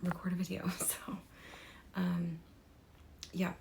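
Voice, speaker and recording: A young woman talks to camera in a hoarse, badly worn voice, her low tone cracking into heavy fry and sometimes fading to a whisper. She rambles loosely with many fillers, over a faint hiss of background noise. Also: completely flat delivery, slow, a little mellow. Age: young adult. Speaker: artist vlogger. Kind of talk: unscripted talk to camera.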